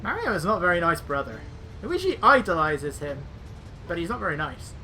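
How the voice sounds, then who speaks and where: A woman talks through a video game in casual commentary, making dry, joking remarks as she plays. Her voice sits on the low side but has a bright, crisp edge. Faint game music plays underneath. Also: sing-song, brisk. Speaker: let's player.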